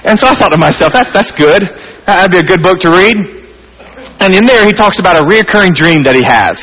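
A man preaching a sermon in a church, earnest, rising high and animated then dropping soft and intimate. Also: a little fast, slightly rough, big-room sound, rough recording. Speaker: pastor.

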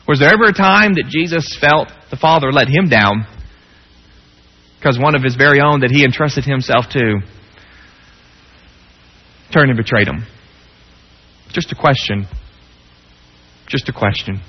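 A man preaching a sermon, dropping to hushed low tones and rising to raised pleading. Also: lively intonation, moderate pace, pauses often, husky. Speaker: pastor. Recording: dull lo-fi sound with long hall reverb.

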